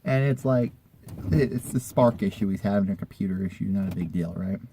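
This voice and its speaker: A man's voice: low-pitched, brisk, warm tone, a little hiss or hum. A man in a casual vlog, telling a personal story in a rambling, conversational way with the odd swear word.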